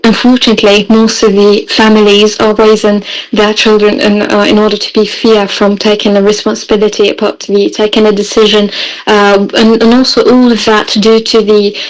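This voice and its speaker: A woman speaks politely in a group discussion, choosing her words with care and pausing often. Her pitch stays very level and even. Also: rough recording. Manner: polite, careful, searches for words. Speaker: workshop participant.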